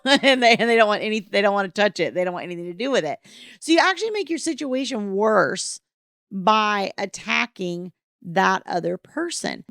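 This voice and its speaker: A woman's voice: mid-range voice, animated, moderate pace, creaky, a bit bright, no room sound, studio quality. A woman coaching parents through divorce, talking casually and acting out what people might say. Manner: casual, conversational, acts out quoted dialogue. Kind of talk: advice talk to camera.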